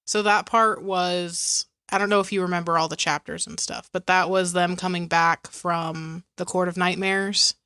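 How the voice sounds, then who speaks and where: A young woman with a fairly low voice chats earnestly and casually about a book. She leans on "like" fillers as she talks. The recording is close and dry, with no room sound. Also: fairly even intonation, normal speed, hardly any pauses, bright, forceful tone, smooth, no room sound. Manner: chatty, lots of "like" fillers, earnest. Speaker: podcast co-host.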